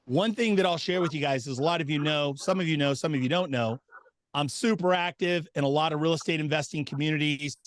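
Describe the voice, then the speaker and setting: Upbeat guy hosting a zoom call, kinda high voice, dry close sound, chatty and loose. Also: fast talker, no echo. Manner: upbeat, greets people by name, loose and chatty. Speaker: host of a members' video call. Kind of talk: casual group call welcome. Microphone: video call.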